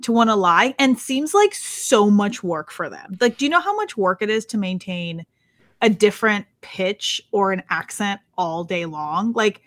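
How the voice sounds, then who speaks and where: A woman co-hosting a podcast in casual chat, reacting with quick, incredulous remarks. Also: mid-range voice, lively intonation, no room sound. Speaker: podcast co-host.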